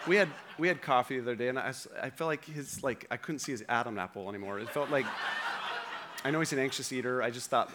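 A man's voice: medium pitch, background noise, close to an everyday voice. A man playing a gossipy churchgoer. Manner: catty and rambling, with laughing asides. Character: gossipy, judgmental male churchgoer.

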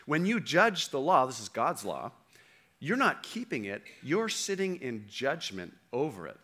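A man's voice: a little high, very animated, moderate pace, sharp tone. A man preaching a sermon in a conversational way, often checking in with the audience. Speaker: pastor.

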